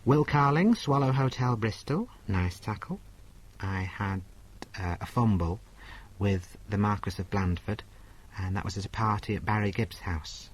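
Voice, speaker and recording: A man's voice: lowish voice, expressive, unhurried, slight background noise, poor audio. A man playing a crude, brassy woman agony aunt who reads out letters and answers them bluntly in a comedy sketch. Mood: boastful. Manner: blunt, bawdy, mock-sincere.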